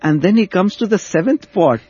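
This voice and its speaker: A man telling a spiritual story in an animated way during a conversation. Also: high-pitched, normal speed, breathy edge, dry recording. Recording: dull dry sound.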